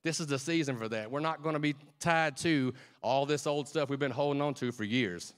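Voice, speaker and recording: Fervent male preacher, average pitch. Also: brisk, smooth. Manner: fervent, conversational, emotional storytelling. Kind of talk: sermon.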